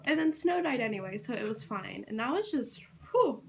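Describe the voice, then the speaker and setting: A woman's voice: on the high side, moderate pace, vocal fry, few pauses, a little hiss or hum. Chatty, rambling young-sounding woman vlogger. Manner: rambling, filler-heavy, gushing and excitable. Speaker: book vlogger. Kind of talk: casual chatty vlog.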